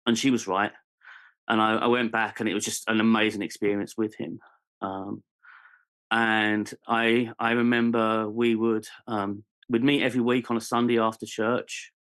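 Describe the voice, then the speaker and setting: A man's voice: on the low side, flat delivery, moderate pace, a bit bright. A man in his forties with a British accent, a podcast guest telling his life story candidly, earnest and searching, with frequent ums and restarts. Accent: British English. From England. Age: 40s.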